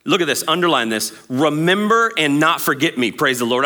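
Pastor guy in his 30s preaching, jokey and lively, bright voice, acts out the lines. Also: fairly high pitch, fast, hardly any pauses. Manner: animated, jokey, acts out quotes. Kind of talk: sermon.

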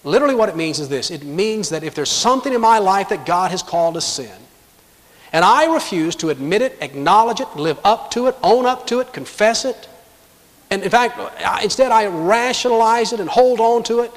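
A man with a high voice preaches an emphatic sermon as a pastor. He acts out the doubting voices of his congregation and answers them, and each word rings with a long reverb from a large hall. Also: expressive, a little fast. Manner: emphatic preaching that acts out imagined objections and God's replies.

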